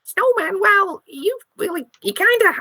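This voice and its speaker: Lady doing a tiny christmas mouse, super squeaky high, fake scouse accent, talks quick and gossipy, dry sound. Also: lively intonation, sharp tone, no room sound, exaggerated voice. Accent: attempted Scouse. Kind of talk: tabletop role-play.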